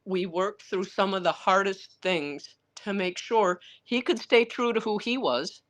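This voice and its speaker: Her medium-pitched voice moving a little slowly, a woman author fields livestream questions with blunt, salty stories that wander. She occasionally swears and imitates what others said by voicing their quotes.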